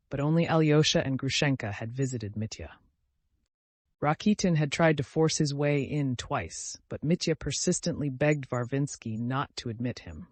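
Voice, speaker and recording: A man narrating a classic novel as an audiobook in a measured, even storytelling voice. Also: medium pitch, no echo. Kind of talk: scripted narration.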